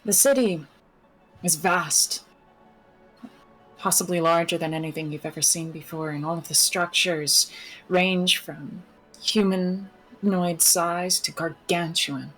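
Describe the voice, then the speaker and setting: A woman narrating as game master for a tabletop game, with measured, descriptive delivery and pauses. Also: on the low side, fairly even intonation, fairly bright tone, faint music behind, low-quality recording.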